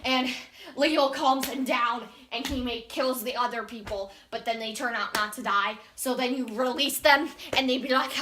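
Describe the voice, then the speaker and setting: High-voiced woman rambling through a recap. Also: steady tone, moderate pace, bright, forceful tone, a little hiss or hum. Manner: rambling, acts out quoted lines, frequent restarts. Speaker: gaming channel host. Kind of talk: casual rambling game recap.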